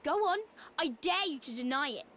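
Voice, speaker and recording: A woman's voice: high voice, lively intonation, brisk, bright, forceful tone, slight background noise. An actress voicing a commanding young female sky pirate who scolds her crew, in video game dialogue. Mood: scolding. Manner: bossy, scolding.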